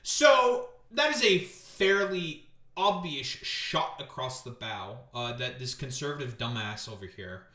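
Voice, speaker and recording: Casting: guy streamer, bright forceful voice, profane and sarcastic, roomy sound. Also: mid-range voice, expressive, measured pace. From Canada. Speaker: streamer host. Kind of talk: casual political commentary. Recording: roomy echo.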